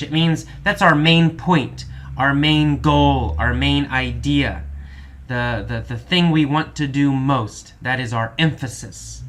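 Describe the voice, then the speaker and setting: Male English teacher, bright tone, patient and repetitive vocabulary explanations. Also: medium pitch. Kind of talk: vocabulary lesson explaining words.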